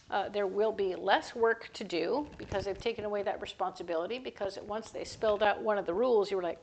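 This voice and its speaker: A woman's voice: medium pitch, a little fast, few pauses, a little mellow, slight background noise. A woman giving a casual, upbeat tarot reading to camera, chatty and often correcting herself mid-sentence. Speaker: tarot reader.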